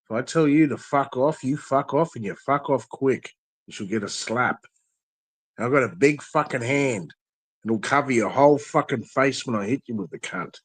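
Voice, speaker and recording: A man's voice: mid-range voice, normal speed, breathy edge, dry recording. A man, ranting angrily and profanely as a guest in a casual chat, full of threats. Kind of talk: angry rant in casual chat.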